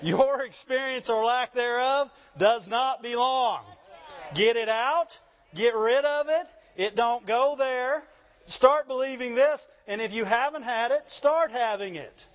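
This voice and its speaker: A man preaching a sermon in an animated call-and-response manner, asking the congregation for agreement. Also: extremely high pitch, unhurried, muffled recording. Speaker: pastor.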